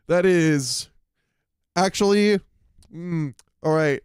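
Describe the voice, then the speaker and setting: A man streaming his reactions to a video, slightly high-voiced and excitable, tumbling over restarts as he thinks aloud. His voice is smooth and clean, recorded dry with no room sound. The talk is casual commentary. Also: normal speed, no echo.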